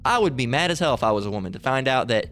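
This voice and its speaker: A man's voice: medium pitch, animated, rapid-fire, a bit bright. A man delivers a heated preaching monologue, fiery and insistent. He trips over his words and restarts again and again. Faint music plays underneath. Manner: fiery, repetitive, with many restarts.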